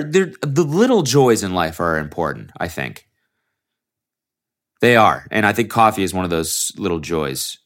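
A man's voice: fairly low pitch, fairly bright tone. A man hosting a solo podcast, talking in a rambling, profane, self-interrupting way, often breaking off mid-sentence. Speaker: podcast host and aspiring comedian. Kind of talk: casual solo podcast monologue.

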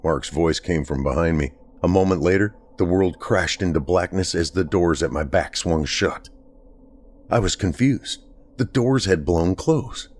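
Brief: male horror narrator, very deep voice, somber and deliberate first-person storytelling.

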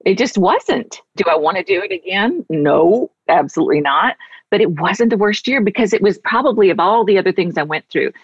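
A middle-aged woman author talks in a heartfelt, reflective way with a husky tone. Her voice comes through dry and slightly dull, like a remote recording. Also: sits low, no echo. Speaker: author guest. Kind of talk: conversational interview.

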